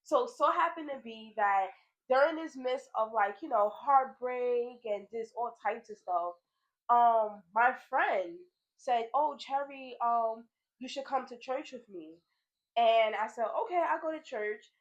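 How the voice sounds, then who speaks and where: Animated young woman, higher voice. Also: a little slow, lo-fi sound. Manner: animated storytelling, laughs often, many "like"s. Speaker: vlogger, big sister. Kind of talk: casual heart-to-heart chat. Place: home, pajama night.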